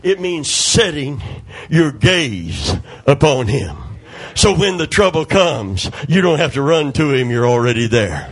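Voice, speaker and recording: A middle-aged man preaching a sermon, calling out to the congregation and breaking into loud shouts as he tells stories. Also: a little high, lively intonation, normal speed, hardly any pauses, breathy edge. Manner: call-and-response preaching, calls for amen, storytelling, sudden shouts.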